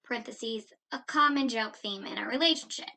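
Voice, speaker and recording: A young woman talks to her camera at home in a casual reaction vlog. Her voice sits high and bright, and her tone turns animated and exasperated as she tells her story. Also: brisk, vocal fry, slight background noise. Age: young adult. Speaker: vlogger. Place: indoors at home.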